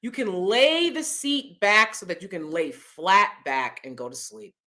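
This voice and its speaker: A woman hosting her own vlog, talking through celebrity news in a chatty, expressive way and laughing often. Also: medium pitch, measured pace. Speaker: vlogger host. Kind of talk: casual opinion commentary.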